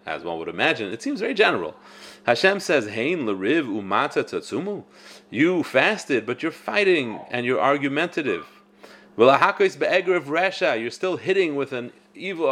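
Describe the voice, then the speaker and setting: A man teaching a Torah class on scripture. He speaks in an animated way and often repeats words while he thinks. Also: on the high side.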